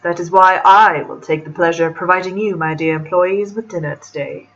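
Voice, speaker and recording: A woman voicing a suave older British male cafe owner with a put-on British accent, smooth and courteous. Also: on the low side, fairly even intonation, brisk, a bit bright, dull audio, close to an everyday voice. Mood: grand.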